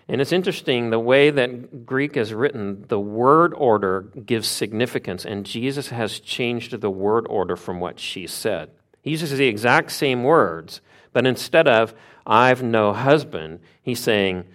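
A man preaching a sermon in a conversational way, asking rhetorical questions and moving between soft and emphatic delivery. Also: medium pitch, expressive, a little slow.

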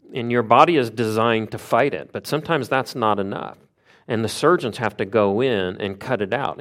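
A man preaching a sermon in a conversational way, asking rhetorical questions and moving between soft and emphatic delivery. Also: fairly low pitch.

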